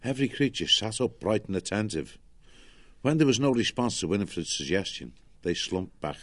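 Deep-voiced male storybook narrator. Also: expressive, normal speed, no echo.

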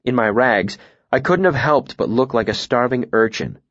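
A man reading a first-person novel aloud in a calm, even, reflective way. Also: medium pitch, normal speed, no room sound, lo-fi sound. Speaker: audiobook narrator.

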